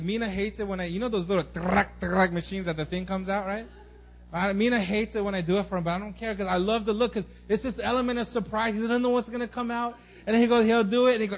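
A man's voice: sits high, muffled recording. A man in his thirties preaching a conversational sermon, telling family stories and often asking "right?". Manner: animated storytelling, acts out his son's excited squeals. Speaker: pastor.

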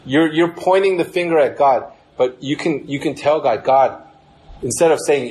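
A man's voice: mid-range voice, normal speed, darkish tone, low-quality recording. A young man preaching a sermon in a casual, conversational way, acting out prayers with a raised voice. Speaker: pastor.

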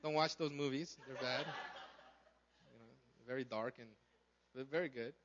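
A man preaching a sermon in a casual, animated way, asking his listeners questions and acting out the characters. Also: medium pitch, unhurried, lo-fi sound, noisy background. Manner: animated, conversational, acts out characters, asks the crowd questions. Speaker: pastor.

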